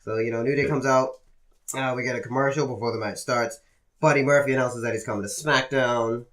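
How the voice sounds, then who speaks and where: A man at an everyday middle pitch gives a casual spoken recap on a podcast. His delivery is dry and running, and he swears freely along the way. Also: steady tone, brisk, a bit bright. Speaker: podcast co-host. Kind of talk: casual chat, recapping shows.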